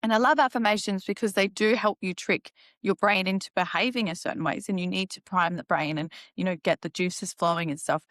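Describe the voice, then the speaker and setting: A woman hosting a podcast talks in emphatic, animated bursts from a middle register. She puts her points firmly in a conversational way. The recording is close and dry. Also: mid-range voice, a little fast, hardly any pauses, no echo. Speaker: podcast host.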